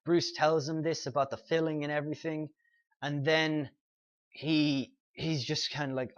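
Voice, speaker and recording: A man's voice: fairly high pitch, level tone, moderate pace, highs cut off. A man hosting a comic review show, casually retelling the plot with lots of fillers and quoted dialogue. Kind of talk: casual spoken recap and review.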